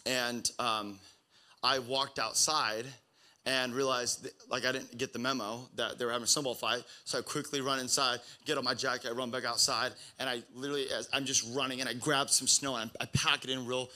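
A man's voice: medium pitch, level tone, a little fast, pushed and bright. A young man from the Pacific Northwest preaching a sermon in a casual, rambling way, full of fillers and restarts. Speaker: pastor.

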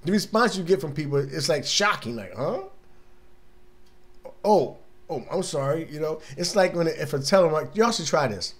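A man's voice: a little high, expressive, brisk, few pauses, fairly bright tone. A man hosting a casual radio talk monologue, laid-back and chatty, often laughing and acting out little scenes from his day. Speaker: radio show host.

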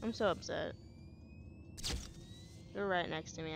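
A woman's voice: on the low side, measured pace, vocal fry, noisy background. A woman hosting a let's play, talking in an exasperated, slangy way full of swearing. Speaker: gaming channel host.

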